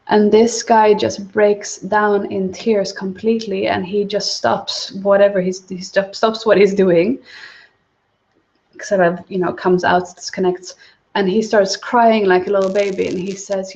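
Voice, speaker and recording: A woman giving a livestreamed spiritual teaching talk, soft-spoken and calm. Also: medium pitch, unhurried, creaky. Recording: dull lo-fi livestream audio.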